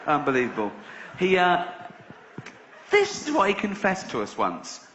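A middle-aged man doing a stand-up routine, chatty and sweary, breaking into laughter at his own jokes. His voice sits fairly high. The sound is an echoey, muffled live recording with a lot of noise behind it. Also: wildly swooping pitch, a little slow. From England. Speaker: stand-up comedian.

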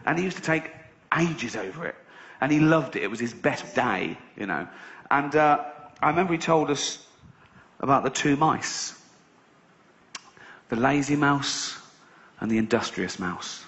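A man's voice: mid-range voice, expressive, unhurried, gravelly, fairly bright tone. A man doing stand-up, telling a rambling, sweary story with sarcastic asides. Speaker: stand-up comedian. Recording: slightly dull live recording.

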